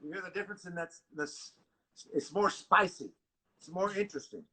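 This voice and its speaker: Older man coaching in bright tones. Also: high voice, normal speed, breathy edge. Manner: sings rhythms in scat syllables. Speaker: horn teacher. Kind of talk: masterclass coaching.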